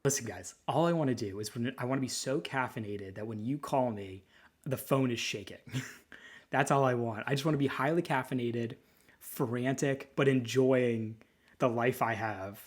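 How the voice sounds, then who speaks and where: Husky thirtyish male lawyer, podcast co-host; loose, sentimental, restarts a lot. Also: mid-range voice, normal speed. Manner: rambling, candid and sentimental, with frequent restarts. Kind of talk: casual chat.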